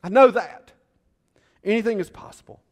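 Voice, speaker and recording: A male preacher voicing a grieving woman who cries out her faith in a loud, raised, urgent voice during a sermon. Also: moderate pace, long reverb tail. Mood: fervent. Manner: loud, high, urgent pleading.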